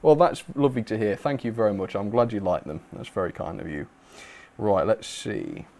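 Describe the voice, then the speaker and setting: A young man hosting a relaxed livestream, chatting casually, reading out viewer comments with lots of fillers. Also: lowish voice, normal speed. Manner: chatty, reads viewer comments aloud, frequent fillers and laughs. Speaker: livestream host. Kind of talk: casual live chat.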